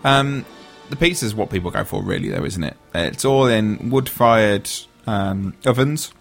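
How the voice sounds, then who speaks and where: Gravelly low-voiced chatty host. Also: male voice, unhurried, faint music behind. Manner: chatty, rambling, jokey. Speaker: podcast host. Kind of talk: casual chat.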